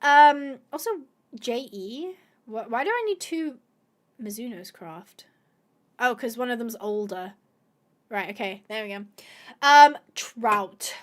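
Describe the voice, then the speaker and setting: Woman, high voice, gaming host, chatty, excitable, thinks aloud, talks to viewers. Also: slow pace, pauses often. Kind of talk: casual gameplay commentary to viewers.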